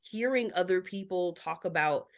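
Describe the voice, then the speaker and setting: A woman with a somewhat low voice talks openly as a podcast guest. She tells her story candidly and peppers her speech with likes. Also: normal speed. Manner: many filler likes. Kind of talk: casual interview chat.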